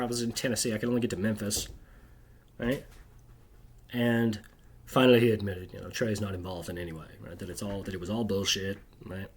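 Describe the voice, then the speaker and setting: A man's voice: lowish voice, slight background noise. A man telling a rambling, bitter personal story to camera, agitated and constantly tagging his sentences with "right?". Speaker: video creator.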